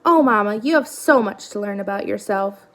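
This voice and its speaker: A woman voicing a small, anxious young male gosling who talks in a high, worried, sniffly way. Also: animated, normal speed, lightly acted. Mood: eager, worried.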